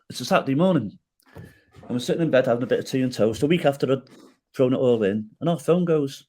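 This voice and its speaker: A middle-aged man speaks quickly in a medium-pitched voice as a podcast guest sharing his own story. He's lively and emotional, often starting sentences over and cracking jokes at his own expense.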